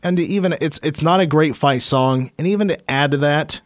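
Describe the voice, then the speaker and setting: A man's voice: a little high, brisk. A man from Kansas hosting a sports radio show, joking and opinionated as he counts down a list. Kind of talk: casual sports talk.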